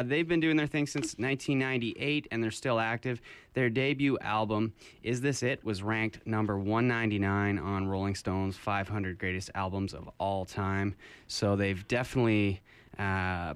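A man with a raspy voice co-hosting a radio music show, chatting casually about a band. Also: fairly low pitch, moderate pace, no room sound. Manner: relaxed, rambling delivery with fillers. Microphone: studio headphones and mic.

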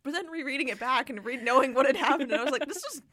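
A woman's voice: sits high, rapid-fire, fairly bright tone. A young woman chatting casually about a book, wry and self-deprecating. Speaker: book podcast co-host. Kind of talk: casual chat.

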